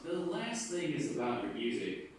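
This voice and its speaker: A stern, fussy roommate, played by a man, runs through his complaints in a lively, rising and falling voice, like a scripted textbook dialogue. The recording plays over speakers, and it is heard from a distance with heavy room echo. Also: medium pitch, normal speed, slight background noise, lightly acted. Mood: firm. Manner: firm, lecturing list of complaints. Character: man named Jim, strict fussy roommate. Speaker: actor in a textbook listening dialogue. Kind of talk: scripted listening-exercise dialogue. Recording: very echoey room, played from far off.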